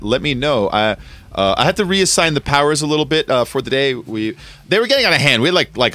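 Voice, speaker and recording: Bright, lively chatty man streaming games. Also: mid-range voice, no echo. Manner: chatty, laughs often, greets chat viewers. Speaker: livestream host. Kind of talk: casual gaming stream chat.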